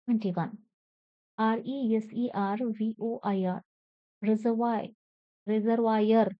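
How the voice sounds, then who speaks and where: A woman's voice: on the high side, measured pace, dry recording. A woman from India with an Indian English accent, teaching English pronunciation by spelling each word letter by letter and then repeating it carefully. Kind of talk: pronunciation lesson. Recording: slightly dull, dry lo-fi recording.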